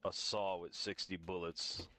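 A man's voice: low-pitched, little pitch movement, unhurried, bright, forceful tone. A man in a gaming party chat, talking laid-back and profane over a headset. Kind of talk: casual party-chat banter.

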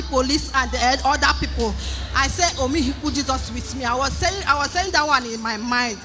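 A Nigerian woman telling her church testimony in a high, bright voice that often cries out and laughs. She is animated and keeps repeating her phrases. Soft music plays faintly behind her. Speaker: church member giving testimony. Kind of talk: emotional spoken testimony.

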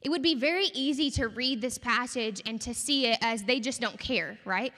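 Young woman, campus preacher, conversational and animated, slightly high voice, long hall reverb. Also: moderate pace. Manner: conversational, animated, asks the audience questions. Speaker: campus ministry speaker. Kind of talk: sermon.

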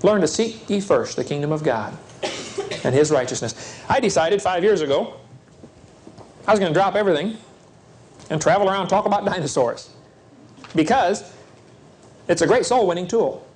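Animated folksy preacher, man's voice. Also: sits high, normal speed, long pauses, slight background noise. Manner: animated, folksy and urgent, acts out little scenes. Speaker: evangelist speaker. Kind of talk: preaching seminar to youth.

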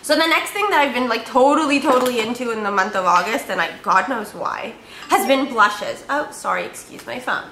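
A woman's voice: a little high, brisk, sharp tone, echoey room. A woman beauty vlogger chatting casually through a product review, upbeat and full of fillers and repeated words.

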